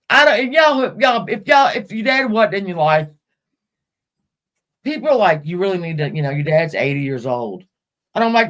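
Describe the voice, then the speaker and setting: A middle-aged woman hosts a live stream, telling rambling personal stories bluntly and with plenty of swearing, often restarting her sentences. Her voice is on the high side with a fairly bright tone.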